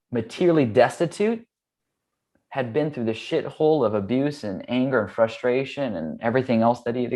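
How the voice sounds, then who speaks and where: Gravelly low-voiced man telling a story. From United States. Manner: relaxed and candid, loose fillers, casual swearing. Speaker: yoga teacher and guest. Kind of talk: casual storytelling.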